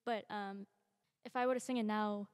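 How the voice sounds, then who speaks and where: A woman's voice: mid-range voice, steady tone, moderate pace, smooth. A young woman casually commenting on her own old singing clips, rambling and self-deprecating, swearing now and then, into her own microphone at home.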